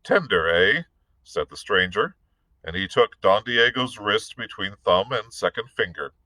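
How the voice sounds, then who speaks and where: A male librarian reads a classic adventure novel aloud, narrating at a steady pace. His voice is fairly low but bright and forceful. The sound is close and dry. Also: measured pace, no echo, low-quality recording. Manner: steady narration with occasional small slips. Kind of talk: read-aloud storytelling.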